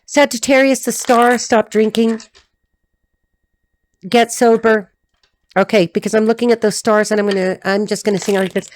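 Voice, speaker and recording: A woman giving a tarot reading, talking in a blunt, rapid, repetitive stream of consciousness. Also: a little high, fairly even intonation. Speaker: tarot reader.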